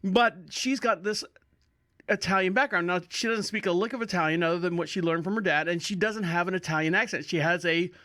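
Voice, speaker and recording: High-voiced chatty Florida man. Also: brisk, pushed and bright, dry recording, clean studio sound. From Orlando, Florida. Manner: chatty and upbeat, rambling asides with chuckles. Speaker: podcast host. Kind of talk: casual solo podcast chat.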